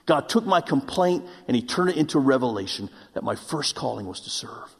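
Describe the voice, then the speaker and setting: A man's voice: mid-range voice, big pitch swings, a little fast, creaky, slightly rough. A man preaching a sermon, telling a personal story with self-mocking humor before turning to earnest exhortation of the congregation. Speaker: pastor. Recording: long hall reverb.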